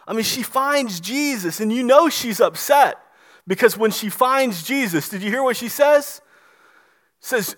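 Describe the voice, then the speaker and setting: A male pastor with a fairly high voice delivers a lively storytelling sermon. He trips and restarts on his words as he pushes forward. The delivery feels spontaneous rather than read. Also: moderate pace, big-room sound. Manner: animated, stammering restarts, dramatic retelling.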